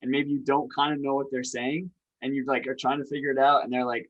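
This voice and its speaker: A man's voice: mid-range voice, steady tone, quick pace, few pauses, lo-fi sound. A man hosting a podcast, chatting casually and agreeably with his guest and using plenty of filler words. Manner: easygoing, agreeable, frequent fillers. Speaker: podcast host. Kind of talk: casual interview chat.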